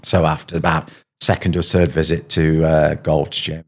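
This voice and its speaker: A man's voice: very deep voice, little pitch movement, normal speed. A man from London telling anecdotes as a podcast host, chatty and full of rhetorical asides. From England. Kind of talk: casual storytelling chat.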